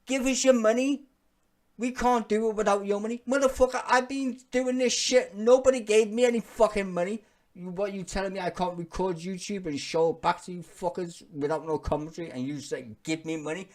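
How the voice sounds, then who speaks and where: A streamer with a British accent giving blunt, profane commentary on a live stream, growing loud and heated as the rant builds. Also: medium pitch. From Britain. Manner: gets loud and heated when ranting.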